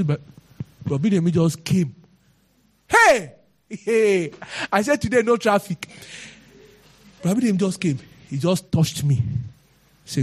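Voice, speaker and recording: Man, Nigerian accent, preaching a testimony sermon, high-pitched, very animated. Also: a little slow, pauses often. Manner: animated, switching into Nigerian Pidgin and acting out people he quotes.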